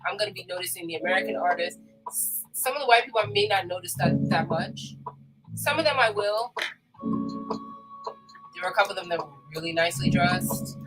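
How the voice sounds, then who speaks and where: A woman with a New York accent hosting a casual live chat, lively and swinging in pitch and loudness. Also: low-quality recording. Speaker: livestream host. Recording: music playing behind.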